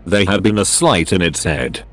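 A synthetic male voice narrating a story in a steady reading manner. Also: sits low, moderate pace.

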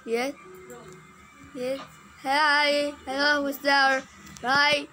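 A woman giving excitable, casual gameplay commentary, exclaiming and repeating her words. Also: sits high, very slow, pauses often, rough recording. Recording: game music playing behind.

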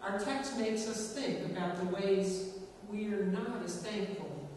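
A woman preaching a sermon in a church, measured and dramatic, with slow emphatic pauses. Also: mid-range voice, darkish tone, a little hiss or hum. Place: large church sanctuary. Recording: echoey church hall, recorded from far off.

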